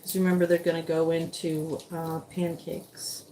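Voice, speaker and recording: Woman, slightly low voice, casual live-stream cooking chat, faint sizzle behind. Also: monotone, measured pace, mellow, slight background noise, low-quality recording. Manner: chatty, greets viewers while cooking.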